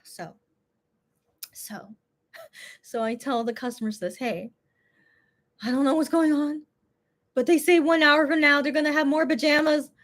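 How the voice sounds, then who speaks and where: A woman who runs a shop, casually telling a story in an animated, exasperated way, with many restarts. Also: high voice, a little slow, long pauses.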